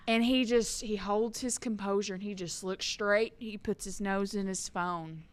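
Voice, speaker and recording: A woman's voice: medium pitch, normal speed, few pauses, very noisy. A woman, co-hosting a podcast and telling a funny family story with lots of laughter. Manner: animated, laughing through her story. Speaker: podcast co-host. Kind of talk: casual storytelling.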